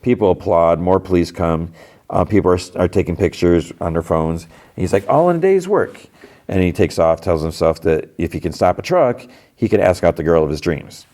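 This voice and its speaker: A man's voice: low-pitched, steady tone, brisk, warm tone. A man hosting a podcast, recapping a cartoon episode in a rambling, conversational way. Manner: rambling, conversational, many fillers and restarts. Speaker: podcast host.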